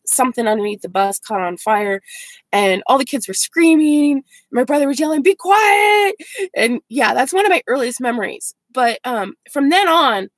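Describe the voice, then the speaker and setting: An American woman in her forties chats casually with viewers on a van-life vlog, rambling along with plenty of "like" and "um." Her voice is fairly high-pitched, and there's no echo.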